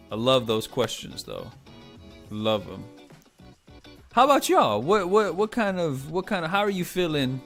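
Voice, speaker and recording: A man hosting a casual live stream, rambling in an animated way with lots of restarts and the odd swear word. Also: fairly high pitch. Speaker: livestream host.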